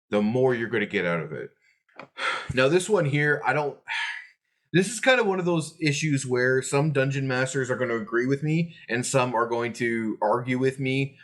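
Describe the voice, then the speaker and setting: A man's voice: medium pitch, a bit bright. A young adult man hosting a tabletop game channel, giving players tips in an earnest, chatty way full of fillers and restarts. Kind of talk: casual explanatory talk to camera.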